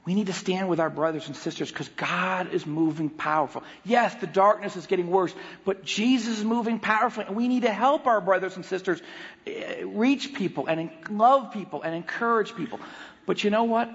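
A man preaching as a guest speaker, telling a story with animated acted-out voices. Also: high voice, normal speed, vocal fry. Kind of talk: sermon. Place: church auditorium. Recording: long hall reverb, dull lo-fi sound.

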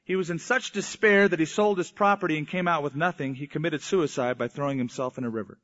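A man's voice: a little high, fast, a bit bright. A man preaching a sermon, telling a story and voicing the people in it, sometimes in mock old English. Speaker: pastor. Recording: dull lo-fi sound.

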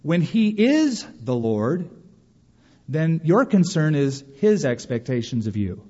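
A man preaching a sermon as pastor, animated and sometimes mimicking whiny voices for emphasis. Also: fairly high pitch, slow pace. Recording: dull sound with long reverb of a hall.

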